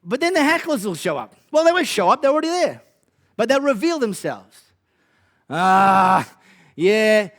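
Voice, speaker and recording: High-voiced Australian pastor preaching. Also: male voice, a little fast. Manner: conversational and animated, with quoted asides. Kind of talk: sermon.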